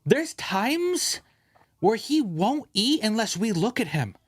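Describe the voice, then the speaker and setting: Profane, animated man hosting a podcast. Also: high voice, takes it slowly, breathy edge, dry recording, studio quality. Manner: animated, profane, rambling storyteller. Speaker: podcast host. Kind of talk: casual podcast chat. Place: podcast studio.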